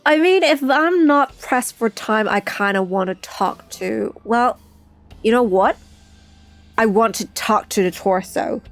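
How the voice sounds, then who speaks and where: Woman gamer thinking out loud during a playthrough, slow relaxed pace. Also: fairly high pitch, no room sound, soft background music. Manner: thinking aloud, unhurried and chatty. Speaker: let's play streamer. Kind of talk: casual game playthrough commentary.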